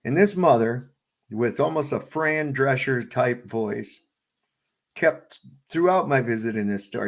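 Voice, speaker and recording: A man's voice: medium pitch, animated, a little slow. A middle-aged man co-hosting a casual podcast, telling stories in a blunt, profane, ranting way. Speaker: podcast co-host. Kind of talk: casual profane storytelling chat.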